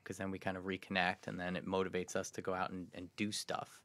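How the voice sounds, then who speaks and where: A man co-hosting a casual local podcast, rambling with many restarts and trailing off quietly. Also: sits low, monotone, fast, dry recording. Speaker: podcast co-host. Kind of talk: casual chat.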